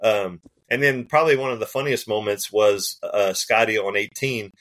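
Animated man telling golf stories. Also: fairly low pitch, normal speed. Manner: animated, laughs often, acts out quoted voices. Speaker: golf caddie and podcast guest. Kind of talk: casual storytelling.

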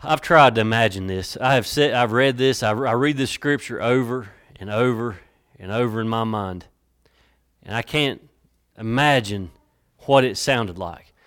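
A preacher in a church delivering a dramatic sermon, swinging between soft and loud, stretching words for emphasis and restarting phrases as he builds. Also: mid-range voice. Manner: dramatic, varying loudness, drawn-out emphasis; repeats words and restarts while building a point. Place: church sanctuary. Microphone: worn mic.

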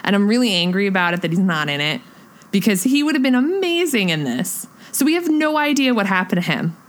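A young woman chatting casually and excitedly about a film, gushing, with lots of "like" fillers. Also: medium pitch, brisk.

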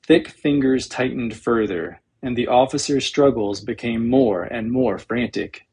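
A man reading a novel aloud as an audiobook narrator, in a measured, dramatic storytelling manner with a husky voice. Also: mid-range voice, darkish tone.

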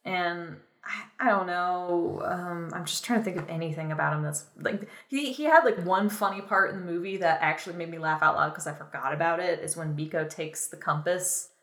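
A woman's voice: lowish voice, normal speed, hardly any pauses, a bit bright, echoey room. A woman co-hosting a casual film review chat, rambling with lots of filler words and laughs. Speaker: podcast co-host.

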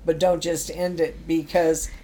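Lively middle-aged woman storyteller. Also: sits low, a little slow. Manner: animated storyteller acting out quotes, laughs often. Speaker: guest telling stories about work with youth. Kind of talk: casual storytelling chat.

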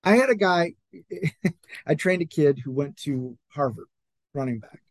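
Animated storytelling man, dry close sound. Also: a little high, measured pace, no room sound. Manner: animated, acts out other people's lines in quotes. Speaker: athletic trainer. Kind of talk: casual podcast storytelling.

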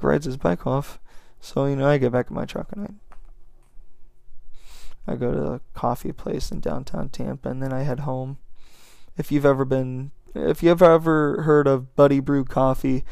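Gravelly young man telling a rambling story. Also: mid-range voice, fairly even intonation, normal speed, darkish tone, no echo, studio quality. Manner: rambling, chatty, swears freely. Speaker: podcast host. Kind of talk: casual storytelling monologue.

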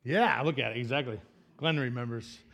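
Bright-voiced man preaching a lively sermon. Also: normal speed, creaky. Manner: swings from loud emphatic questions to soft low asides; acts out voices of people in the story. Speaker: pastor. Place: church.

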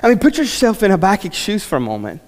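A male pastor delivers an impassioned sermon in a fairly high voice, building up and then dropping to a hush. He keeps circling back with "I mean". The long reverb of a church hall trails after his words. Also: wildly swooping pitch, fast talker. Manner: impassioned, swings between loud and hushed, repeats "I mean". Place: church sanctuary.

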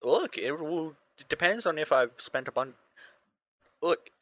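A man's voice: on the high side, lively intonation, a little slow, fairly bright tone, dry recording. A young man co-hosting a podcast, joking in casual banter with a sardonic edge. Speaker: podcast co-host.

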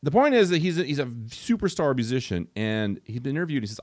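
A young man chatting casually on a podcast, opinionated and animated, talking quickly. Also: medium pitch, dry recording. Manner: rapid, opinionated, animated asides. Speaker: podcast co-host.

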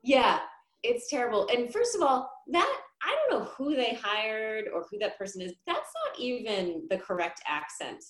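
A woman's voice: a little high, sing-song, normal speed, fairly bright tone, echoey room, rough recording. A woman guest in a casual podcast chat, talking chattily and laughing often.

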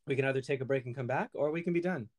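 A man's voice: mid-range voice, racing, a little mellow. A man hosting a podcast, chatting casually and playfully, giggling often. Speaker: podcast host.

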